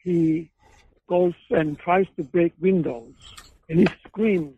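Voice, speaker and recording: A man's voice: high voice, slow pace, darkish tone, breathy edge. A man, a guest author and psychoanalyst, telling case stories in a rambling, hesitant way. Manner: discursive storytelling, frequent hesitations and self-corrections. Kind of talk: conversational interview. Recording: phone-line audio.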